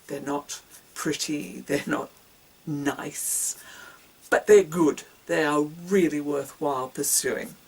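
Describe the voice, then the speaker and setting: A woman's voice: sits low, fairly even intonation, slow pace, creaky, a little mellow, breathy edge, distant mic, rough recording. A woman giving a casual singing lesson, demonstrating breathing exercises with whoops, grunts and hisses. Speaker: singing teacher.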